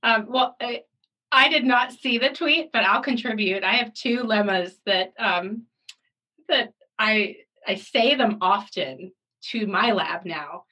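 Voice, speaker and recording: A woman co-hosting a podcast who runs her own lab, speaking in a lively, emphatic, conversational way. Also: a little high, slow, breathy edge, poor audio. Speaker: podcast co-host, lab leader. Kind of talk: casual podcast chat.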